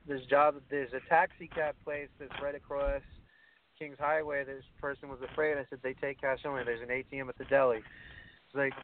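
Man with a New York accent, slightly high voice, blunt and profane, casual podcast host, tinny phone-like sound, faint hiss. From Brooklyn, New York. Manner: blunt, swearing, animated storytelling. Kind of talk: casual chat.

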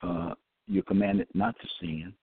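A man giving a halting religious teaching, full of fillers and restarts, who slows down and stresses each word when he quotes scripture. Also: medium pitch, big pitch swings, creaky, slightly rough, dry recording. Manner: emphatic, drawn-out scripture quoting. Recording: tinny phone-line audio, dry.

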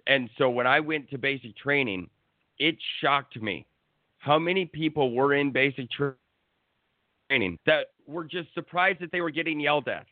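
A man's voice: a little high, lively intonation, moderate pace, dry recording. A man giving blunt, profane sports opinions in a casual talk-show rant. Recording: tinny phone-like line, dry.

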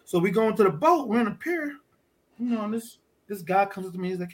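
Animated high-voiced man telling a story. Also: fast talker. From Detroit. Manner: animated, profane street talk, acts out dialogue. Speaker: podcast guest, underwater photographer. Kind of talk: casual storytelling chat.

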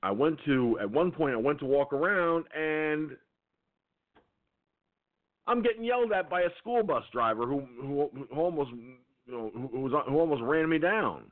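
A man's voice: fairly high pitch, animated, moderate pace. A man hosting an internet radio show, telling a profane, angry story in a ranting monologue. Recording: tinny phone-line sound.

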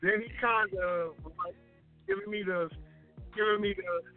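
A man telling a casual story in chat, animated and acting out the voices of the people he quotes. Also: high-pitched, moderate pace. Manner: animated, acts out quoted lines. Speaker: guest DJ. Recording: tinny phone-line sound with faint music.

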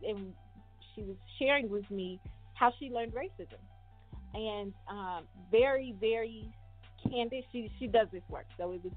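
Middle-aged woman hosting, chatty and animated, lots of slang, thin phone-line sound w/ faint music. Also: mid-range voice. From United States. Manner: animated, conversational, with slang and restarts. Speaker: host. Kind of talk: casual talk to viewers.

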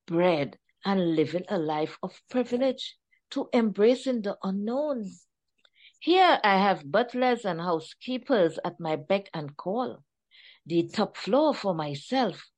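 A woman's voice: lowish voice, darkish tone. A woman reading as a haughty pampered tomcat. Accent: Trinidadian. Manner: slow, grand storybook reading. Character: pampered aristocratic male house cat, haughty. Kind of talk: reading aloud from her book.

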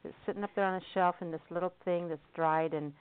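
A woman's voice: lowish voice, steady tone, quick pace, clear, resonant tone. A woman hosting a call-in radio show, chatting affectionately with callers. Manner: affectionate, calls callers endearing names. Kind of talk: casual call-in chat. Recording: tinny phone line.

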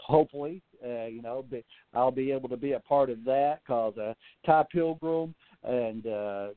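A man's voice: mid-range voice, dry recording. Easygoing man on a phone line. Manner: easygoing, agreeable, chatty. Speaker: podcast guest, ring announcer. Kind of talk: casual podcast chat. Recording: tinny phone-like audio, dry.

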